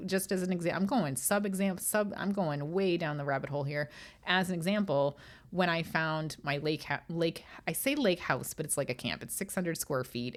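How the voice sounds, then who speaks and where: A middle-aged woman hosting her own podcast, talking candidly and emotionally with frequent swearing, close to tears. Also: sits low. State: tearful. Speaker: podcast host. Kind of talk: casual solo podcast monologue.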